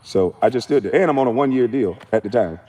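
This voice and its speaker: Man, blunt storyteller, dismissive, mellow mid voice. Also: mid-range voice, animated, fast. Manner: blunt, dismissive, matter-of-fact. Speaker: former athlete in a played clip. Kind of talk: defiant storytelling.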